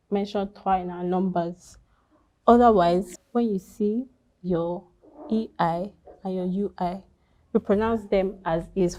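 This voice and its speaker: In a mellow mid-range voice, a woman leads an unhurried lesson on French pronunciation, speaking with care and repeating each sample word.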